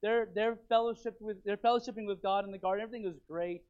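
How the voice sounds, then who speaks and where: Rambling high-voiced male pastor, tinny. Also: fast talker, clean tone. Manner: rambling, repeats himself, animated. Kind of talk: sermon. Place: church. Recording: tinny phone-like sound.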